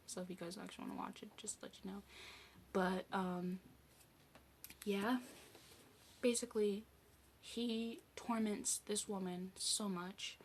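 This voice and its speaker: A woman's voice: mid-range voice, slight background noise. A young woman reviewing a movie on her channel, retelling the plot in a loose, rambling way full of "like" and "um". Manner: rambling, chatty, heavy use of "like" and "um". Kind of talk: casual spoken movie recap.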